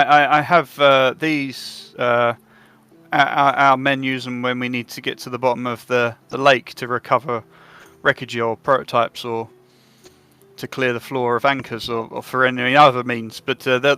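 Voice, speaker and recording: A man's voice: mid-range voice, level tone, normal speed, bright, forceful tone, clear, resonant tone, faint music behind, close to an everyday voice. A man voicing a polite, helpful male official who rambles with many hesitations in a tabletop game. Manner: hesitant, full of fillers.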